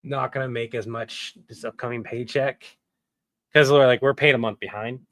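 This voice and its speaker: A man's voice: medium pitch, steady tone, moderate pace, fairly bright tone, dry recording. A man chatting casually on a livestream from his home setup, rambling candidly and swearing now and then. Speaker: streamer and voice actor.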